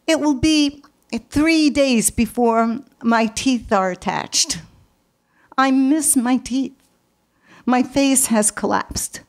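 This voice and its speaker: A woman with a New York accent tells a personal story in an unhurried, deliberate way. Her voice sits a little high, and she leans on pauses and repeated words for effect. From Brooklyn, New York. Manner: slow, dramatic pauses and repetitions.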